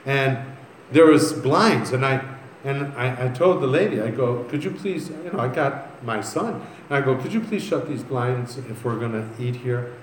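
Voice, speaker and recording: A man's voice: mid-range voice, animated, moderate pace, slight background noise. A man preaching a sermon, reading scripture aloud and then telling stories in a loose, conversational way. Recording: echoey room with faint ambience.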